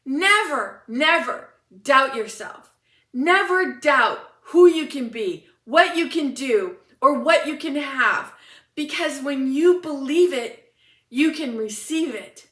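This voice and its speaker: Woman, motivational speaker, bright crisp voice, animated storytelling, enthusiastic. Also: high-pitched, takes it slowly, reverberant, recorded from a distance. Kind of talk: personal storytelling talk.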